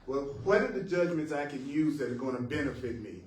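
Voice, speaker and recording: A man's voice: mid-range voice, lively intonation, brisk. A man teaching spiritual lessons in a reflective manner, leaning on emphasis and stressing words to show their meaning. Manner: reflective, plays with emphasis, bursts into song. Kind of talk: spiritual talk with singing. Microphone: live-stream mic at a distance. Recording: echoey room, distant mic, faint music.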